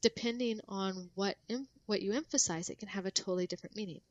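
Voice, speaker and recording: A woman guest chats through ideas on a podcast, piling up fillers and restarts as she explains. Her voice sits at an ordinary middle pitch. The sound is dry and close. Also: fast, no room sound. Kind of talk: casual podcast conversation.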